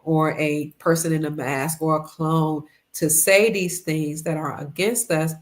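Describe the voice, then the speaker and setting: A woman's voice: low voice, steady tone, a little slow. Chatty woman hosting a livestream. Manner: chatty, greets viewers by name. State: congested, fasting. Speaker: livestream host reading viewer comments. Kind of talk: casual live-stream chat.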